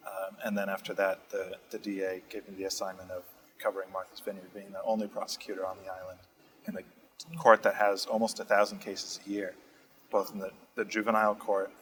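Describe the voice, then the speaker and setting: A young man speaks in a low, fairly flat voice. He answers interview questions steadily and thoughtfully, stopping often on "uh" as he picks his words. He is being interviewed in a community TV studio. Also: low-quality recording. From Massachusetts. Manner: steady, thoughtful, frequent "uh" fillers. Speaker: state representative guest.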